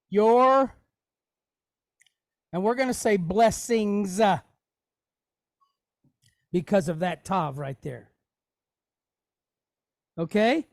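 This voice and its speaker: A man teaching a Hebrew lesson in a relaxed, conversational way, often checking in with his listeners. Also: high voice, slow, long pauses, no room sound, studio quality. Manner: conversational, checks in often with "okay?" and "you know". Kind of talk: casual teaching, explaining on screen.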